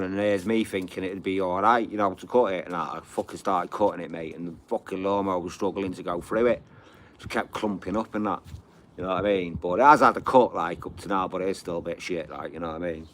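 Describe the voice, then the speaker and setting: Deep-voiced, sweary man. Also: a bit bright, slight background noise. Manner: rambling, sweary, full of "you know what I mean". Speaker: live streamer. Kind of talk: casual chat on a live stream.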